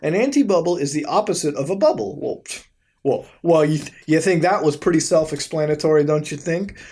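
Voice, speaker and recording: A young man hosting a video, giving casual commentary as he browses websites, swearing, laughing and reacting in disbelief, swinging between mumbles and sudden loud outbursts. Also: a little high, lively intonation, fairly quick, husky. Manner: profane, incredulous, laughs often. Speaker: YouTube host.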